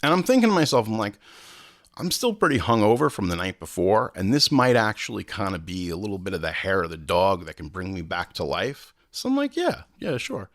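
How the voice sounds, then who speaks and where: A man's voice: brisk, dry recording, studio quality. A man hosting a podcast, telling a long casual story with swearing and acted-out quotes. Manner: animated, swearing, acts out quotes with big pitch jumps. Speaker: podcast host.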